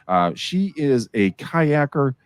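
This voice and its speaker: A man's voice: medium pitch, very animated, slow pace, clean tone, no echo, studio quality. A man hosting a show, introducing his guest and co-host in an effusive, hyping way. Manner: hyping and effusive, with upbeat hollers.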